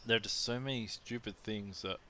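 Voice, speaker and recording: Aussie guy vlogging, kinda low voice, blunt and fed up, keeps restarting sentences. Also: fairly even intonation, fairly quick, sharp tone, slight background noise. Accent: Australian. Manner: blunt, exasperated, frequent restarts. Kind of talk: casual storytelling rant.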